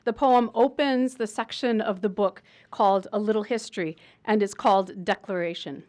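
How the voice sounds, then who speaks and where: Midwestern woman host, measured read-from-notes intro, mid pitch. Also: a little mellow. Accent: Midwestern American. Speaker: event host introducing a speaker. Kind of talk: formal spoken introduction.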